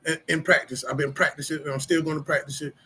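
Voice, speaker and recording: A middle-aged man's voice is a little high, bright and forceful, delivered flatly at a quick pace as he candidly tells viewers about his past and how he's changed. This recovery vlogger rambles to camera with plenty of fillers and street slang. The audio is poor, with a little hiss or hum.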